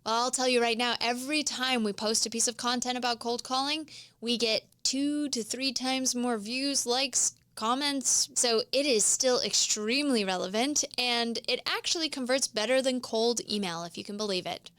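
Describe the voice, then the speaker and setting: A woman's voice: fairly high pitch, normal speed, fairly bright tone, dry recording. A woman hosting a business podcast, coaching listeners in an explanatory teaching manner. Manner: coaching, explanatory, demonstrates tones of voice. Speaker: host. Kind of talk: instructional podcast monologue.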